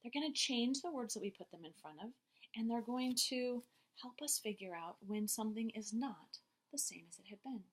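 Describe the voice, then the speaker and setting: Animated woman teacher, slightly high voice, encouraging and breathy, for a children's reading lesson. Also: moderate pace. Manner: encouraging, praising children often.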